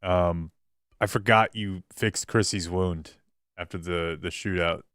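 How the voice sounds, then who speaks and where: A man hosting a casual studio interview, laughing easily and chiming in quickly. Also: low-pitched, steady tone, fairly bright tone, clean tone, dry recording. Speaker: show host.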